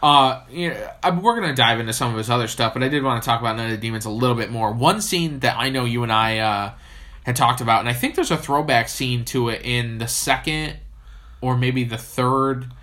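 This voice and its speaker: A young man co-hosting a horror movie podcast, chatting casually, swearing constantly and laughing loudly. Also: medium pitch, fairly quick. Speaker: podcast co-host. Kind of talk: casual profane chat.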